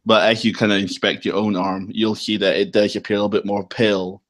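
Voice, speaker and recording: A man narrating as game master of a tabletop role-playing game, explaining at length with many pauses and fillers. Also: on the low side, flat delivery, fairly bright tone. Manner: unhurried, filler-heavy explaining.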